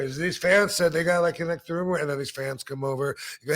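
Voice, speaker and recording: A man hosts a podcast and drifts through a long, casual anecdote. He wanders, restarts, and swears freely. His voice sits at an ordinary pitch for a man. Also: fairly even intonation, moderate pace, hardly any pauses, a bit bright. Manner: laid-back, rambling with fillers and profanity. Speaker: podcast host. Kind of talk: casual storytelling.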